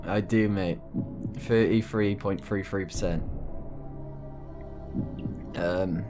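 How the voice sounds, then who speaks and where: A man's voice: deep voice, fairly even intonation, takes it slowly, music in the background. Cheeky man on a quiz. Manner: cheeky, joking trash talk. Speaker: quiz contestant. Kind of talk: casual podcast chat.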